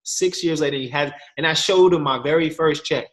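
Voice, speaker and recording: A man's voice: fairly high pitch, a little fast. A young man giving a casual motivational talk as a guest speaker, telling stories with voiced quotes. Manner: animated storytelling with voiced quotes, slangy.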